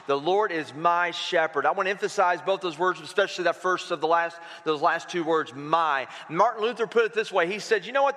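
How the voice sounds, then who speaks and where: A man with a high, bright voice preaches to his church in a loose, conversational way. He jokes and calls on the congregation to answer back. His voice rings with a long hall reverb. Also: lively intonation, fairly quick, few pauses. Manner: conversational, playful preaching with call-and-response. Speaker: pastor. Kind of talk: sermon. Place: church sanctuary.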